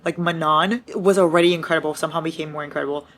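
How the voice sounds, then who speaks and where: A young woman vlogging at home as she reads, gushing, swearing and squealing with excitement. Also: sits low, racing. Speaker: book vlogger. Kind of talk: excited reading vlog chat. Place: home with noisy household.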